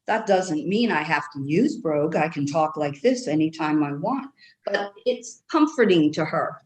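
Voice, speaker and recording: A woman speaking as a trance channel with an Irish brogue, talking slowly and soothingly for a group of guides. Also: low voice, animated, darkish tone, poor audio.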